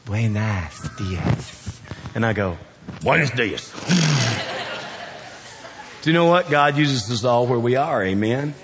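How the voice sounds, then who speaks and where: A man with a Southern Kentucky drawl preaching a sermon in a church, folksy and joking, swinging from loud emphatic peaks down to quiet, low appeals. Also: lively intonation, takes it slowly, pauses often, crowd noise. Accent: Southern US, South Central Kentucky. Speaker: pastor. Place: church sanctuary. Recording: long hall reverb.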